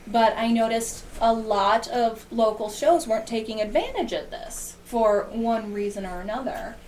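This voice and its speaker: Chatty guest, Midwestern woman with a Wisconsin accent, bright laugh, faint hiss behind. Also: fairly high pitch, moderate pace, roomy sound, rough recording. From American Midwest. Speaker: guest burlesque show producer. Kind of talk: casual chat.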